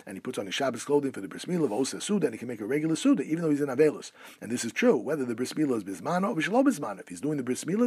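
Male Torah teacher, slightly husky, quick paced lesson delivery. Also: medium pitch, dry recording. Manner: quick, lively delivery, switching between Hebrew terms and English explanation. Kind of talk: halacha lesson reading and translating texts.

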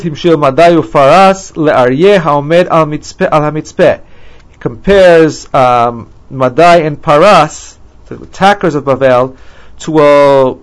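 A man giving a lecture on scripture. He reads Hebrew verses aloud, translates them and explains them in a measured way with frequent ums. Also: a little high. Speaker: Bible teacher.

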